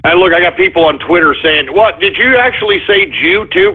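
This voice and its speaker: Frantic shouting radio host, husky and tinny. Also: male voice, high-pitched, wildly swooping pitch, fairly quick, hardly any pauses. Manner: frantic, swearing, repeatedly shouting apologies. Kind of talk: comedic call-in radio rant. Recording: tinny phone-like audio.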